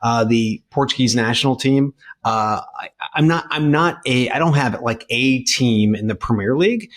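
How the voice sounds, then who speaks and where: A man's voice: medium pitch, normal speed. A man co-hosting a podcast, chatting casually with many fillers and restarts. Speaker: podcast co-host. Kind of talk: casual chat.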